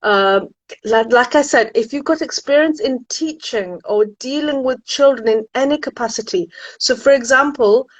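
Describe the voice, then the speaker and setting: A woman's voice: high voice, moderate pace, no echo, low-quality recording. A woman who works as a university admissions consultant, chatting animatedly with viewers on a live stream from home. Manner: chatty and animated, frequent exclamations.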